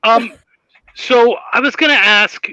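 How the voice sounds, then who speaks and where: A man's voice: very high voice, slow, pushed and bright, dry recording. A man hosting a casual interview over a video call, laughing often and retelling stories in funny voices. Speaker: podcast host. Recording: dull muffled sound.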